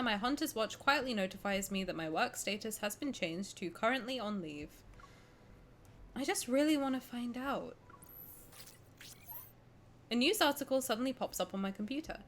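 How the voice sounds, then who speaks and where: A woman streams a game, reacting and reading aloud playfully and sarcastically, cursing and suddenly shouting. Her voice is on the high side, with a little hiss or hum in the recording.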